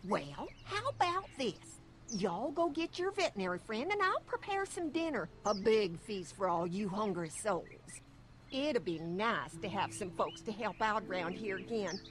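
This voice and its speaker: An actress voicing a gushing, hospitable older Southern farm matron with a Southern drawl in a video game. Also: female voice, mid-range voice, very animated, moderate pace, natural voice.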